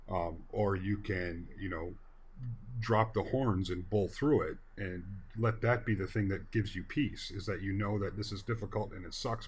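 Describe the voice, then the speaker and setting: A man's voice: low-pitched, a little hiss or hum. A man in a casual discussion, speaking in an earnest, folksy and rambling way.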